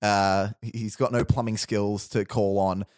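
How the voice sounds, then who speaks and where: A man's voice: fairly low pitch, level tone, unhurried, a little mellow, smooth, no room sound, studio quality. A man casually telling a made-up story to friends, rambling with restarts and quoting characters. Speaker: storyteller pitching a movie plot. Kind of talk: casual chat.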